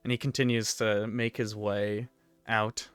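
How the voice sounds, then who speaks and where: A man's voice: on the low side, level tone, unhurried, clear, resonant tone, no room sound. A man running a tabletop game as game master, narrating loosely with many fillers.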